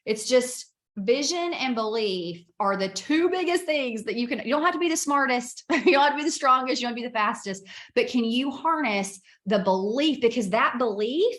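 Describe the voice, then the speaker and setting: A woman gives an emphatic, energetic coaching talk over a video call. Her voice sits a little high, and she laughs often as she drives her points home. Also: moderate pace. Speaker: guest speaker, business coach.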